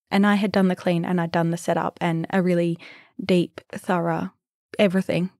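A young woman hosting a podcast, telling stories in a chatty, animated way and sometimes dropping to a whisper. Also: fairly low pitch, normal speed, gravelly, no echo, clean studio sound. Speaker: podcast host and B&B owner. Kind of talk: casual storytelling.

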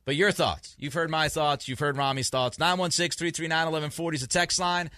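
Emphatic, bright-voiced sports radio man. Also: fairly high pitch, fairly even intonation, a little fast, dry recording, clean studio sound. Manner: emphatic, repeats himself in restarts. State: grumpy and short on sleep. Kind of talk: sports talk radio banter.

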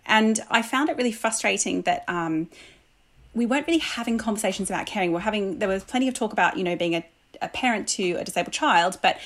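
A woman from Melbourne with an Australian accent softened by twenty years in London, a guest author talking in a rambling way with frequent laughs. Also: medium pitch. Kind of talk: podcast interview.

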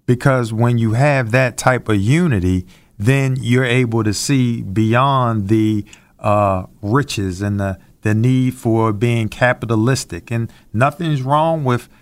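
A man's voice: medium pitch, unhurried, no echo. A man co-hosting a call-in talk show, talking in an earnest, reflective and somewhat preachy way.

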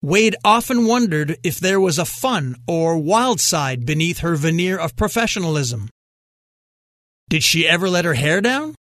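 A man reading a novel aloud as narrator, in an even, measured way. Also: a little high, no echo, studio quality. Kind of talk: audiobook narration.

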